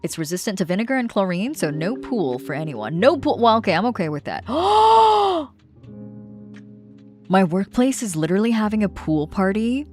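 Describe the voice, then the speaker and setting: A woman's voice: mid-range voice, very animated, normal speed, darkish tone. A woman streamer chatting casually while drawing, reading some text aloud and then riffing on it with playful jokes. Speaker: streamer and artist. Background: background music.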